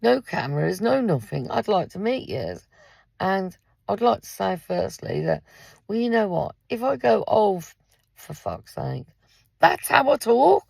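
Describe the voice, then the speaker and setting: A woman's voice: medium pitch, very animated, moderate pace, vocal fry, husky, no echo. A woman ranting bluntly into the camera from inside her car, swearing freely and talking straight at her listeners. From England. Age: 50s. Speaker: parent and carer. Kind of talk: angry vlog rant. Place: in a car in a car park.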